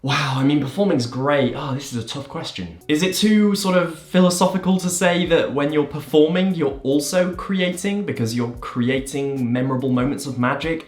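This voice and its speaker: Enthusiastic man, roomy sound. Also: mid-range voice. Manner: enthusiastic and emphatic. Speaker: magician and video host. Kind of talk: Q&A video answering viewer questions. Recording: roomy echo.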